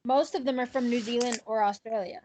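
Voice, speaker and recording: A woman in a casual group chat, relaxed and questioning. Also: a little high, brisk, slight background noise.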